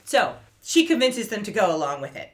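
A woman co-hosting a casual podcast, retelling a TV episode and acting out the characters' lines. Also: medium pitch. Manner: animated, acts out characters' lines in quick quotes. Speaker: podcast co-host. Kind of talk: casual chat recapping a TV episode.

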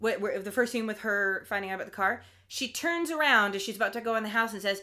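A woman co-hosting a podcast in a casual chat, recapping a TV episode with wry, animated commentary. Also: medium pitch, fast talker, hardly any pauses. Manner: animated, wry, acts out quotes. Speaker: podcast co-host.

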